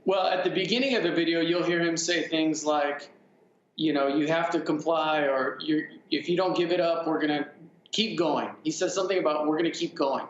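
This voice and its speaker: A man's voice: fairly high pitch, fairly even intonation, fairly quick. Male attorney over an echoey dull feed. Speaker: attorney guest. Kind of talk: remote interview answers.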